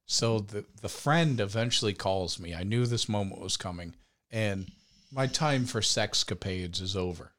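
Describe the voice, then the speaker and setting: A young man casually telling a crude story on a podcast, laughing and shouting out the lines he quotes. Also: lowish voice, moderate pace. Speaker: podcast co-host.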